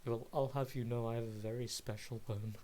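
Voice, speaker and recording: A man's voice: mid-range voice, steady tone, brisk, a crowd in the background. A man chatting casually on a game-night call, cracking dry teasing jokes.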